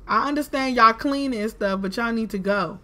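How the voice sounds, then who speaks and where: A woman's voice: a little high, brisk, sharp tone. A woman giving casual let's-play commentary, chatty and talking to herself, with frustrated exclamations. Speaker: gaming video creator.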